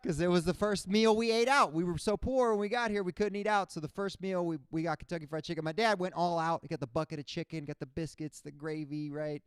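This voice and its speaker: A young man from Cuba doing a stand-up comedy set, animated and jumping into high character voices. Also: fast, few pauses, clear, resonant tone, no room sound.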